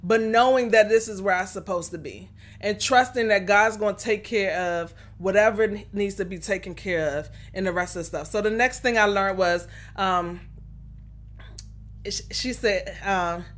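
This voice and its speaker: A woman's voice: medium pitch, normal speed. A middle-aged woman hosting a solo podcast, talking earnestly and encouragingly about faith and pushing yourself, with many restarts. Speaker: podcast host. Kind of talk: solo motivational podcast talk.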